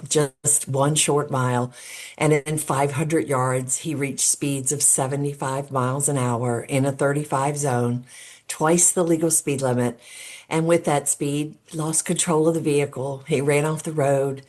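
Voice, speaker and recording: A middle-aged woman from Virginia, a bereaved mother telling her story as an interview guest in an earnest, impassioned way with many fillers. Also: low-pitched. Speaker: guest, bereaved mother and safe-driving advocate.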